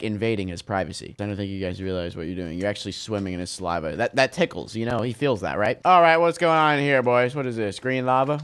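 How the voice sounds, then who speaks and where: A young man giving excited, exclamation-filled commentary on a video game as its regular host. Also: mid-range voice, smooth. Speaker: gaming YouTuber.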